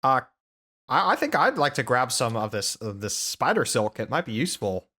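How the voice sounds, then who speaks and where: A man playing a tabletop game, speaking in character with a hesitant, halting manner. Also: mid-range voice, sing-song, bright, forceful tone. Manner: hesitant, many ums. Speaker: player.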